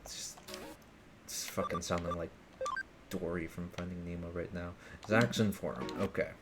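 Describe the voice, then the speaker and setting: A man's voice: sits low, completely flat delivery, moderate pace, heavy background noise. A man streaming a video game live, making profane, joking asides as he plays. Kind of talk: live gameplay commentary. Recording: game music loud underneath. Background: game music.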